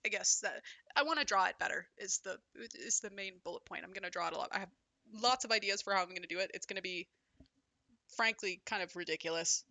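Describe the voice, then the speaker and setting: Gravelly-voiced young woman thinking aloud. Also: mid-range voice, sharp tone, no room sound. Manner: halting, self-deprecating, thinks aloud. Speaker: indie game developer. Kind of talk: casual brainstorming commentary over gameplay.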